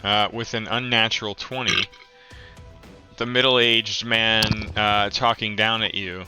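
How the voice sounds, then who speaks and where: A man narrating and explaining rules as game master of a tabletop game, with many pauses and fillers. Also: fairly low pitch, flat delivery, music in the background. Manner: halting, filler-heavy explaining.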